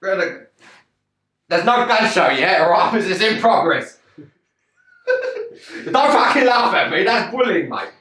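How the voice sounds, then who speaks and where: Man, mock-tough joking interviewer, bright edgy tone, higher voice. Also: sing-song, unhurried, long pauses, roomy sound. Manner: playful tough-guy banter, heavy swearing.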